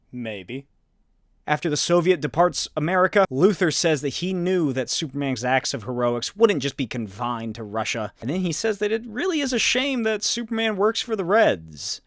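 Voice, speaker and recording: A man's voice: mid-range voice, fairly bright tone, no room sound, clean studio sound. Wry comic-recap host, man. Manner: wry, joking asides.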